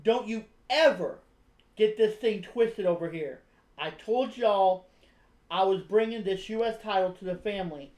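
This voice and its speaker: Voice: medium pitch, unhurried, a little mellow, close to an everyday voice. A streamer doing a defiant wrestler. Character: fierce adult male wrestler, defiant and intense. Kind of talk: acted impression in a recap. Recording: roomy echo.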